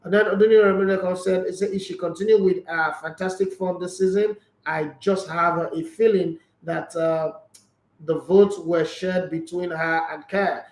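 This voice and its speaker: A man with a Nigerian English accent hosting a sports show, reading viewer comments aloud and answering them in a husky, tired voice. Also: high-pitched, fairly even intonation, normal speed, roomy sound, rough recording. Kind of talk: casual sports chat.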